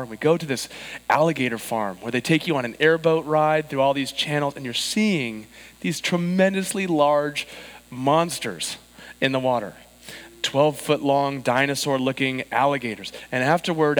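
A man in his thirties preaches a sermon in a church with a long, ringing reverb. His voice sits a little high for a man. He tells a story and gives the people in it lively, animated voices. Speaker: pastor. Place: church sanctuary.

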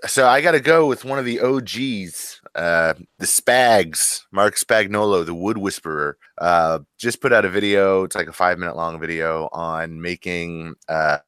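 Male co-host, very deep and forceful tone, casual rambling delivery. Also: moderate pace, hardly any pauses, clean tone, no room sound, clean studio sound. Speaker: podcast co-host. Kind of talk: casual chat.

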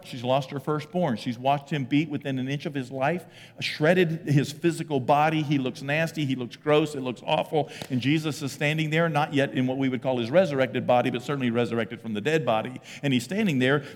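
A man preaching a sermon as pastor, animated, swinging loud and high for emphasis, then dropping low and quiet. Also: in a large hall. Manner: animated, jumps in pitch and volume for emphasis.

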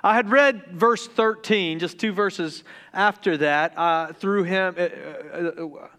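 Young male pastor from the Deep South, high voice, smooth and clear tone, joking sermon, excitable, stumbles over words. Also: slow.

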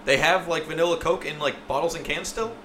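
A man co-hosting a podcast, reacting fast and cracking crude jokes. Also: on the high side, a bit bright, roomy sound, a little hiss or hum. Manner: crude joker, quick reactions. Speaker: podcast co-host. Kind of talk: casual chat.

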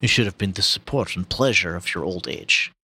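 A man's voice: a little fast, sharp tone, breathy edge, dry recording, heavily acted. A man voicing an old male boar who rallies the farm animals with fiery speeches, in a put-on Russian accent, reading for comedy. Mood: mournful. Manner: booming speechmaking, slips out of character into laughter. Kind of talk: comic dramatic reading.

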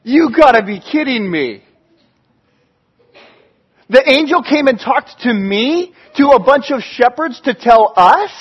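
A man playing astonished, shouting shepherds. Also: extremely high pitch, expressive, slow, long pauses, husky, dull audio, exaggerated voice. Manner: loud astonished exclaiming. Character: amazed ordinary shepherd men, excitable.

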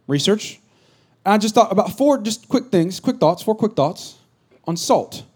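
A middle-aged man giving a sermon with a fairly high voice. He talks casually and jokes with the congregation, then rises into loud, emphatic bursts. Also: slightly rough. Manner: conversational, joking preacher with rising emphatic bursts. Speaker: pastor.

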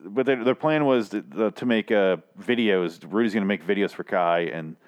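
A man with a somewhat low voice hosts a review podcast in a loose, casual way. He rambles, swears freely, and keeps restarting his sentences with fillers. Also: moderate pace. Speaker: podcast host reviewing a TV series. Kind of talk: casual chat.

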